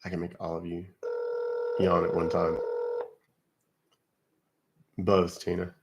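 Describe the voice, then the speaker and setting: A man with a slightly low voice chats his way through a live stream, loose and unscripted. He talks in a folksy, rambling manner, dropping in "uh"s and mild old-fashioned exclamations as he goes. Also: completely flat delivery, slow, creaky, very noisy. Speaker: live-stream host baiting scam callers. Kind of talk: casual live-stream chat.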